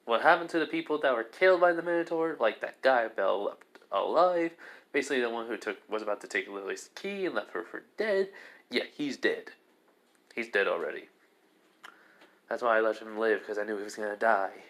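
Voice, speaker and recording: A man's voice: mid-range voice, lively intonation, fast talker, a bit bright. Rambling man telling a fan story. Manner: rambling, lots of fillers and restarts. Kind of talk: casual spoken fan-fiction narration.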